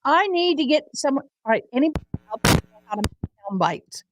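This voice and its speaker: A chatty woman, hosting a casual livestream and teasing her viewers as she goes. Her voice sits a little high, and the sound is close and dry with no room to it. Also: very animated, a little fast, no room sound, lo-fi sound. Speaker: livestream host. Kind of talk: casual live commentary.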